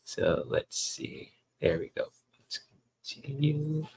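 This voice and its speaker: A man's voice: on the high side, very animated, slow, gravelly, a little mellow, slight background noise, low-quality recording. A man hosting a livestream in casual chat, laid-back and rambling with plenty of fillers. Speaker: livestream host.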